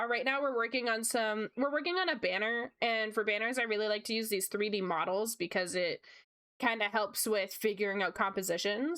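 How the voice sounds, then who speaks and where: A young woman chatting casually as she draws on a livestream, bubbly and gushing with quick asides. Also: mid-range voice, a bit bright, smooth. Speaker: streamer. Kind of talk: casual chat while drawing.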